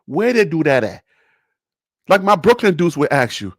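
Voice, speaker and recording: High, lively man ranting theatrically. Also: moderate pace, no echo, clean studio sound. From Liberia. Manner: animated, theatrical, acts out plays with sound effects. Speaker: sports commentator vlogger. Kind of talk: ranting sports commentary.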